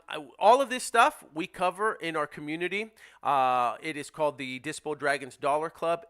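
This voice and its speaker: A man's voice: bright, forceful tone, clean tone. A man teaching real estate wholesaling, emphatic and direct, acting out lines to sellers. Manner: emphatic, role-plays seller scripts with dropping pitch. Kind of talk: instructional presentation.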